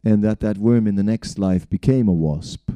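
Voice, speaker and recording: A man recounts his spiritual journey through meandering stories from his life, often chuckling and asking "right?" He isn't an English speaker, and his voice is lowish and warm at a moderate pace, recorded with no echo.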